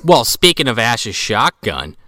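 A man's voice: medium pitch, sing-song, a little slow, bright, forceful tone. A man co-hosting a casual movie-review chat, emphatic and enthusiastic, swearing freely. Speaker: podcast co-host.

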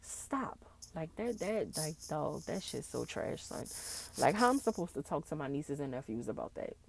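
Woman podcast host, low gravelly voice, impassioned, repeats herself, tearful. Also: big pitch swings, normal speed. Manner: impassioned, ranting with repeated phrases and slang. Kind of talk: emotional solo podcast monologue.

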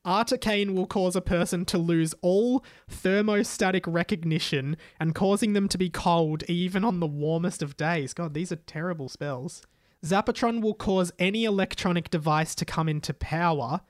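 A man's voice: high voice, normal speed, no room sound, clean studio sound. A young man reading his old fan story aloud and mocking it, laughing often as he comments. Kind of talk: casual comic reading with commentary.

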